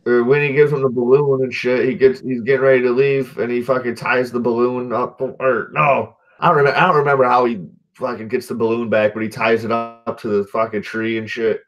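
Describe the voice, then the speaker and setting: The recording is muffled, and the man's mid-range voice has little pitch movement and runs a little fast. As a podcast host casually recapping a movie, he rambles with lots of swearing, "dude," and "like," often backtracking to correct himself.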